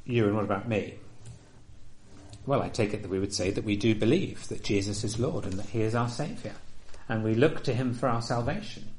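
A man preaching a sermon, earnest and emphatic, often dropping to a soft, quiet delivery. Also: medium pitch.

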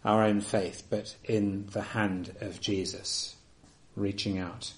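A man preaching a sermon, earnest and emphatic, often dropping to a soft, quiet delivery. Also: lowish voice, level tone, takes it slowly.

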